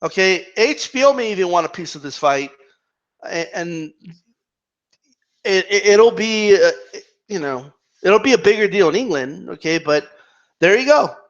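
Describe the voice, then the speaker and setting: A man's voice: sits high, lively intonation, measured pace, long pauses. A man giving heated, profane boxing commentary, arguing with imagined fans and stumbling over repeated words. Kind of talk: ranting vlog commentary. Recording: dull lo-fi sound.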